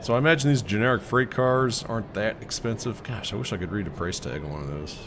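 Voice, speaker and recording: A man narrating his own vlog in a casual, rambling way, thinking out loud with fillers and little chuckles. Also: lowish voice, fast talker, noisy background. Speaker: vlogger. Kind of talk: casual voice-over commentary.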